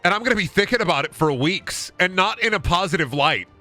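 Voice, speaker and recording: A man's voice: high-pitched, animated, quick pace, pushed and bright, soft background music. A man streaming a game, chatting to his audience in a rambling, exaggerated way. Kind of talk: casual live-stream chat.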